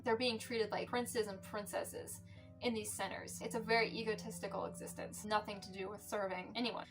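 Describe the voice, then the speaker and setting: A woman hosting a video, reading a testimony aloud in an earnest, measured way and adding indignant comments of her own. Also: mid-range voice, steady tone, soft background music. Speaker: video host.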